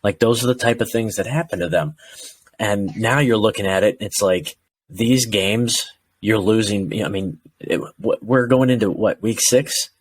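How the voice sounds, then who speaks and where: Low-voiced man in casual sports talk. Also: moderate pace, breathy edge. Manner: animated, acts out fans' rants in quoted voices. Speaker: podcast co-host.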